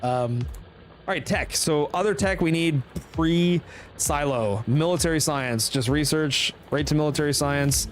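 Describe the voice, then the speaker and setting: A man's voice: a little high, a little hiss or hum. Canadian man coaching a speedrun live. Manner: casual, explanatory, thinking aloud. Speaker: speedrunner streamer. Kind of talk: live commentary over gameplay.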